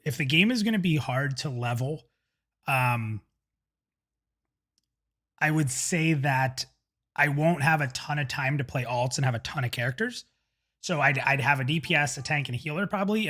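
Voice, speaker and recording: A man's voice: mid-range voice, a bit bright. Upbeat chatty male stream host. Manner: upbeat, chatty, frequent restarts. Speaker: livestream host. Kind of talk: casual chat.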